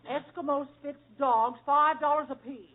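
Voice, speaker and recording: A fussy frontier wife. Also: female voice, sits high, fairly even intonation, measured pace. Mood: scolding. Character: nagging frontier wife and mother. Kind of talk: 1940s radio comedy acting. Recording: tinny old radio broadcast with studio audience.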